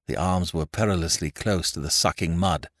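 Male narrator with a low voice and an animated read; dry, close recording. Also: moderate pace, dry recording. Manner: lively dramatic reading. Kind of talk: audiobook narration.

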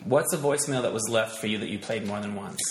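Eager male host, fast talker, mid pitch, roomy sound. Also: slight background noise. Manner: quick questions, eager reactions. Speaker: interview host. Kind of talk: casual interview chat.

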